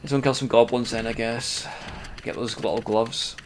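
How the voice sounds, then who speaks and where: A man's voice: mid-range voice, fairly even intonation, normal speed, slight background noise. A Scottish man streaming a video game, commenting casually in a dry, self-deprecating way. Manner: dry, self-deprecating, reads quest text aloud. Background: game music.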